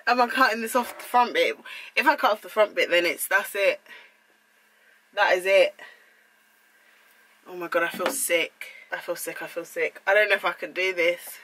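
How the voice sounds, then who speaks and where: A woman's voice: fairly low pitch, normal speed, long pauses, fairly bright tone, slight background noise, low-quality recording. A young woman vlogging at home, flustered and exclaiming in disbelief as she swears her way through cutting her hair. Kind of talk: casual vlog.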